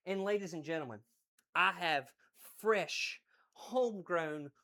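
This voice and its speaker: An excited man from West Virginia with an Appalachian accent, chatting folksily on a cooking livestream. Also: high-pitched, takes it slowly. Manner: folksy and exuberant, repeats phrases.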